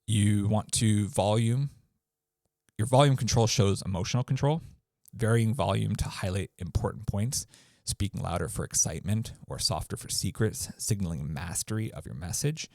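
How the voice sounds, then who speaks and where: A man's voice: on the low side, normal speed, gravelly, no room sound, clean studio sound. A man hosting his own podcast, talking casually with loose fillers. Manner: relaxed, loose, with offhand fillers. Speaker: podcast host. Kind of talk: casual solo podcast talk. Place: New Zealand.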